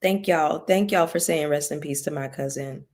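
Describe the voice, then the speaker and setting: A woman's voice: deep voice, normal speed, a little mellow. A woman hosting a casual livestream, chatting with viewers and thanking them by name, with features. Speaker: YouTube commentary host.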